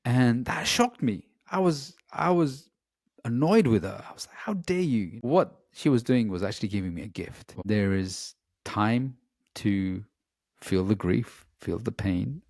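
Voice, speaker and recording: A man speaks earnestly and reflectively, telling a personal story as an interview guest. His voice sits slightly low, and he often pauses on "you know". The sound is dry and close, with no room echo. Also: expressive, darkish tone.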